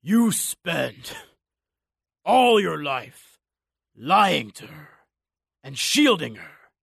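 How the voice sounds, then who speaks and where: A man voicing a taunting Cyclops giant, rasping. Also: a little high, very animated, very slow, fairly bright tone, dry recording, studio quality, heavily acted. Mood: rasping menace. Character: menacing male Cyclops giant warrior.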